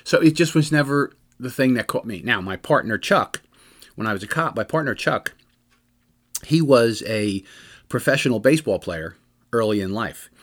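A man's voice: mid-range voice, animated, normal speed. A middle-aged American man telling stories in a loose, rambling monologue, full of fillers and restarts. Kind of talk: casual storytelling monologue.

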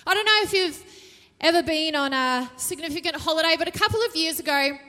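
Woman pastor, jokey and conversational, high voice, reverberant hall sound. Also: a little fast, sharp tone. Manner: chatty and jokey, asks the audience questions. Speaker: preacher. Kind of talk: sermon. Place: church stage.

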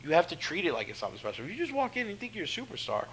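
A man's voice: a little high, racing, husky, low-quality recording. A man from Brooklyn, a pro wrestler, telling profane stories in a casual podcast chat and acting out the voices of the people in them. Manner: profane, animated, acts out quoted voices.

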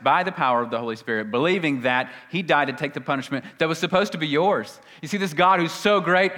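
A male pastor preaching a sermon, swinging between loud emphatic peaks and hushed, low phrases. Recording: long hall reverb.

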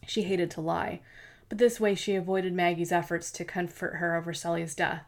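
Unhurried and even, a woman with a fairly low voice narrates a novel for an audiobook, following the script in a steady, measured way.

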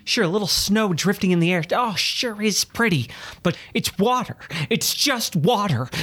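A man's voice: sits high, a bit bright. Exasperated ranting podcast host, man. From Chicago. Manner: exasperated, emphatic complaining. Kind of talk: comedic rant.

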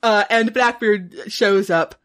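Podcast co-host, female, mid-pitched voice, relaxed recap banter, laughs often. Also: takes it slowly. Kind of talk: casual chat recapping a TV show.

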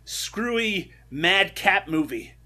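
A playful man co-hosting a movie podcast, his voice bright and sitting a bit high. He teases his partner and laughs often as he recaps the plot. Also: lively intonation, slow pace. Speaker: podcast co-host. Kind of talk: casual chat about a movie.

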